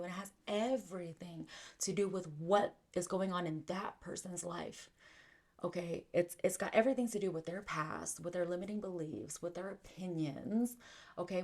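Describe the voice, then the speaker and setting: Woman, self-help speaker, slightly low pitch, emphatic and repetitive, motivational direct address. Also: darkish tone. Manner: emphatic, repeats phrases, checks in with "okay" and "right". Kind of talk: motivational talk to camera.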